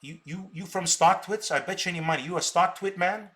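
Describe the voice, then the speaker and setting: A man's voice: sits high, fairly quick, pushed and bright. A man hosting a live stream, combatively ranting at viewers and tripping over repeated words as he talks. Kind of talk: unscripted live stream talk.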